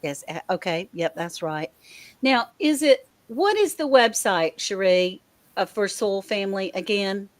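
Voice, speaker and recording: A woman hosting a casual live-stream chat, unhurried and quick to laugh. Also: medium pitch, lively intonation. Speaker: host.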